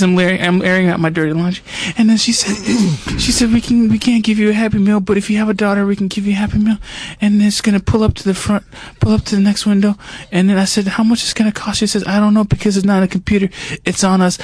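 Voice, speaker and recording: Comedic male guest, high voice, rambling and sheepish, dry close sound. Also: quick pace, darkish tone, no echo. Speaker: comedic guest telling a story.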